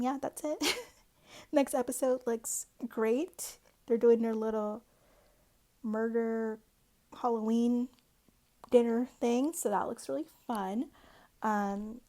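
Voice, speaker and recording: A woman recapping a reality show in loose, casual chat, her speech full of "like" and "um". Her voice sits a little high and often drops into a gravelly vocal fry. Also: dark tone. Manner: chatty, peppered with "like" and "um".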